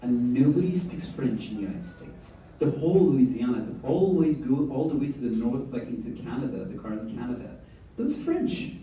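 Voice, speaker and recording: A man's voice: medium pitch, expressive, a little fast, few pauses, dark tone, a little hiss or hum. A man hosting a fireside chat, joking and chatty, often restarting his sentences. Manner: chatty, jokes, many restarts. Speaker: host. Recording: echoey hall, mic at a distance.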